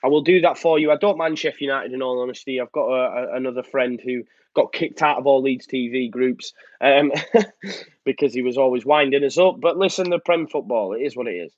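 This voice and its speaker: A man's voice: mid-range voice, fairly quick, no echo. A man hosting a live fan show, chatting casually, reading out viewer comments and rambling with lots of ums. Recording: slightly muffled dry sound.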